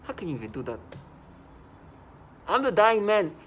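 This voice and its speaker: A man's voice: high voice, big pitch swings, moderate pace, a bit bright, a little hiss or hum. A man delivering a rambling personal vlog monologue, agitated, with frequent restarts and self-corrections. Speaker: vlogger.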